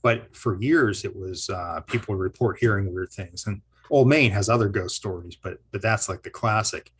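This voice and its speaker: A man with a fairly low, husky voice tells local history and folklore in a loose, conversational way. He wanders, backtracks and corrects himself mid-sentence, and chuckles between points. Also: normal speed, fairly bright tone. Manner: rambling, self-correcting, chuckles often. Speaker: historian and teacher. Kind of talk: casual interview storytelling.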